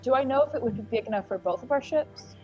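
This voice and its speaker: A woman playing a tabletop game, chatting in an upbeat way about her character. Her voice is a bit high, the mic sounds slightly dull, and faint music plays behind. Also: quick pace, husky. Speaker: player.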